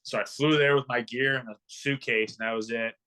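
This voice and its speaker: In a relaxed podcast interview, a twenty-something pro hockey player tells meandering stories packed with filler like "um" and "like." His voice is medium-pitched, fairly even in intonation, fairly quick, and pushed, bright and smooth.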